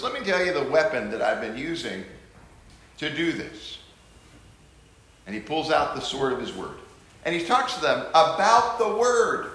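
A man leads a Bible lesson with a lively, swinging pitch and an emphatic delivery, often repeating his key words. His voice rings around a very echoey room. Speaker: Bible teacher.

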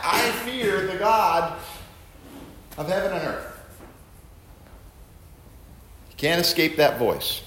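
A man's voice: high-pitched, fairly bright tone, a little hiss or hum. A man preaching an earnest Bible teaching, pressing his points with rhetorical questions. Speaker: pastor teaching. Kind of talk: sermon-style Bible teaching. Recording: echoey room.

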